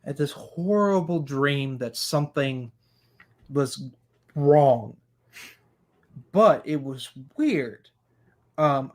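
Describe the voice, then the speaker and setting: Slow, earnest man on a podcast. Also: medium pitch. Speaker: podcast host. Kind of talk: casual podcast chat.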